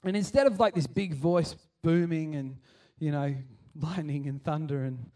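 A man giving a chatty, animated sermon and acting out the scenes he tells. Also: a little high, a little slow, distant mic. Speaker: preacher. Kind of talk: casual sermon.

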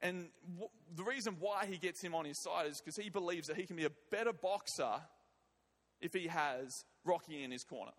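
High-voiced preacher man in a hall. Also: moderate pace, a bit bright. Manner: emphatic, repeats words and phrases. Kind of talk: sermon with prayer. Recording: long reverb of a large hall.

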